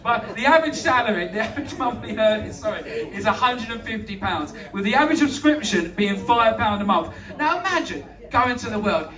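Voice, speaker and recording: A man's voice: sits high, animated, brisk, hardly any pauses, distant mic. A man hosting a comedy night, teasing the audience with cheeky banter and bringing on the next act. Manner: cheeky crowd banter, introduces acts. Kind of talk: stand-up compering. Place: small comedy club. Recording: echoey club room, mic heard from afar, loud crowd. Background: audience laughing.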